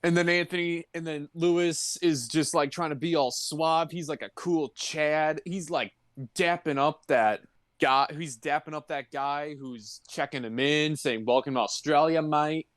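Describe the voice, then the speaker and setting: A man with a smooth, clear, fairly high voice, laid-back and jokey as he recaps a film with a friend. He sounds close to the mic in a dry, dead room, with no echo. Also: measured pace, a bit bright. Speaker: podcast co-host. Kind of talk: casual movie recap chat.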